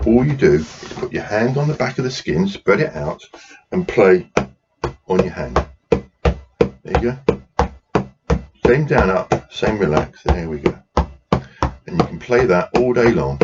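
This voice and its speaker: Unhurried and expressive, this English drumming workshop leader has a low voice and pauses often. He patiently explains rhythms and counts beats out loud while playing, and the sound is dull, lo-fi, and noisy.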